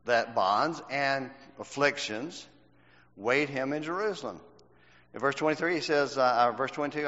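A man's voice: medium pitch, normal speed, bright, forceful tone. A man teaching a Bible class, quizzing his students and stressing each point. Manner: quizzes the class with questions, emphatic. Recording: dull lo-fi recording in a reverberant hall.

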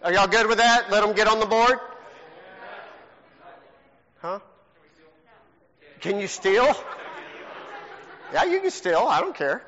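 Male pastor, high and bright, joking game host; long church reverb, muffled audio. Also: slow, long pauses. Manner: teasing, joking, animated. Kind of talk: playful game hosting to a congregation. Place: church sanctuary. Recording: long hall reverb, dull lo-fi sound.

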